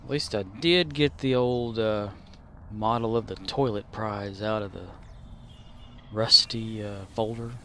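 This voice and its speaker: A man streaming a game, rambling to himself and now and then yelling at his squadmates. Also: on the low side, steady tone, unhurried, a little hiss or hum. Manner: rambling, talks to himself, shouts at teammates. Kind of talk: casual gameplay commentary.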